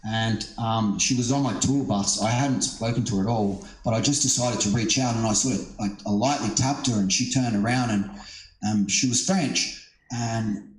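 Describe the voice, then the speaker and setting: A man's voice: on the low side, normal speed. A middle-aged man, a stand-up comedian, telling a story in a casual, rambling way, with lots of swearing, fillers and restarts. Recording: roomy echo.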